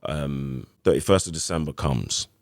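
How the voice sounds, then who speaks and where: A man with a London accent in his thirties, a podcast guest telling his story in a casual, animated way. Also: very deep voice, normal speed. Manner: animated retelling with acted quotes.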